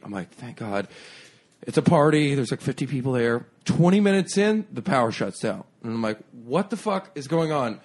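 Animated, foul-mouthed male comedian. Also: medium pitch. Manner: animated, profane, acts out other people's lines. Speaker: comedian guest. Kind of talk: comedic storytelling on a podcast.

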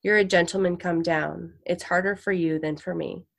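Husky frail road boy, streetwise and fierce, put on by a woman reader. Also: on the low side, fairly even intonation, normal speed. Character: frail, husky eighteen-year-old road boy, tough and fatalistic.

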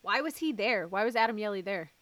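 A woman hosting a casual podcast interview, upbeat and quick to laugh. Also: mid-range voice, animated, a bit bright, dry recording. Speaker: podcast host.

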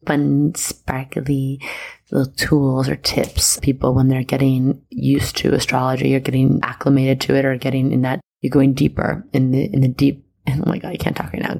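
Low, gravelly-voiced woman podcast host. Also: little pitch movement, moderate pace, darkish tone. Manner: chatty, loose, full of fillers. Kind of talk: casual spiritual podcast monologue.

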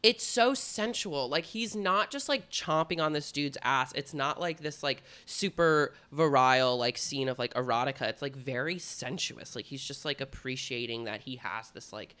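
A man's voice: mid-range voice, normal speed, hardly any pauses, bright, forceful tone, clean tone. A young man co-hosting a podcast, chatting frankly and rambling with lots of "like". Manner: frank, rambling, heavy use of "like". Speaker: podcast co-host. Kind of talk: casual chat.

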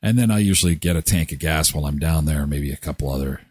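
A man in his thirties hosting a live daily show, chatting casually and joking with lively jumps in his voice. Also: extremely low pitch, quick pace, breathy edge, no room sound. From Canada. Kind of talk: casual solo commentary.

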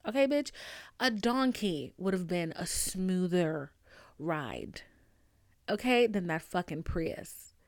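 A young adult woman hosting a podcast, telling a story in an animated, profane and emphatic way and often tossing in "okay?". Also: lowish voice, slow, no echo, clean studio sound. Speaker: podcast host. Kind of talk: casual storytelling monologue.

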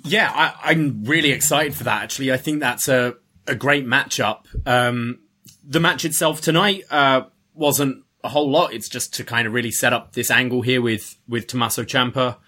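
A man's voice: medium pitch, moderate pace, pushed and bright. A man co-hosting a podcast, giving eager, opinionated takes with some restarts and "um"s. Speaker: podcast co-host. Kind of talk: casual opinion chat.

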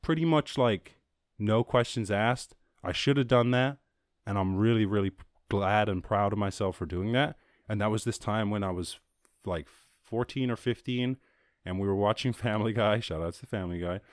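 Low-voiced Irish guy rambling on a podcast. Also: moderate pace, no room sound, clean studio sound. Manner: rambling, swears freely, acts out quotes in a higher voice. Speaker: podcast host. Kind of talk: casual solo podcast monologue.

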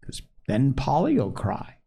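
A man reading a storybook aloud, voicing a brusque but gentle older doctor. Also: mid-range voice, huge pitch swings, slow pace, slightly rough, exaggerated voice. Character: gruff kindly older country doctor.

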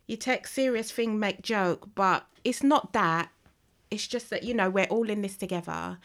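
Bright-toned woman podcaster. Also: mid-range voice. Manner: affirming, giggly, self-deprecating. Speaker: podcast co-host. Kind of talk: casual podcast chat.

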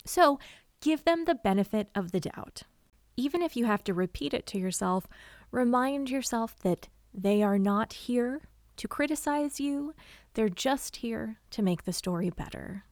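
A woman giving casual writing advice to camera, expressive and chatty, often acting out quotes. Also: on the high side, measured pace, no room sound, clean studio sound. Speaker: writer and vlogger.

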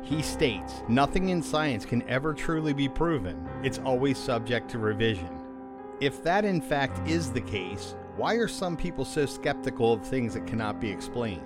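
A man hosting a podcast, reading a scripted narration in a measured, serious way. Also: medium pitch, expressive. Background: music.

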